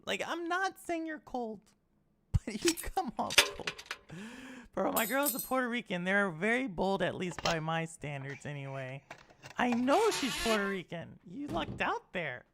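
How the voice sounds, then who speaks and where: Chatty woman streamer, gravelly and lively. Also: medium pitch, a little slow, heavy background noise. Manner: chatty, rambling, lots of "like", teasing chat. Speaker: gaming streamer. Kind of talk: casual gameplay chat.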